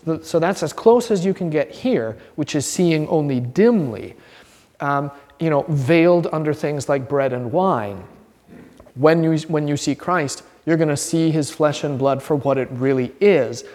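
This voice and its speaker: A man whose voice sits slightly high teaches a relaxed Bible class at a measured pace, sincere and lively. He slips into brief acted-out quotations and keeps rephrasing his sentences, all under a long hall reverb.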